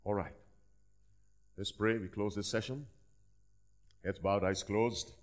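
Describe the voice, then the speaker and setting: A man preaching, answering audience questions and leading a prayer in an emphatic, measured manner with dramatic pauses. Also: on the low side, fairly even intonation. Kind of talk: sermon Q&A and prayer.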